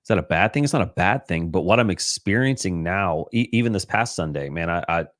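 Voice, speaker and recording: A middle-aged man with a very low voice speaks earnestly and with open emotion in a casual faith livestream. He rambles, restarts his sentences and fills pauses as he shares personal thoughts. The sound is dry and close, with almost no room echo. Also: expressive, a bit bright. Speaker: livestream host. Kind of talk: casual devotional livestream talk. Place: home livestream. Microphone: computer livestream mic.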